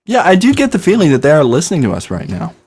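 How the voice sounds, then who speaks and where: A man co-hosting a casual podcast, telling stories and now and then breaking into loud impressions. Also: fairly high pitch, wildly swooping pitch, very fast, slightly rough. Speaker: podcast co-host. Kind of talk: casual chat.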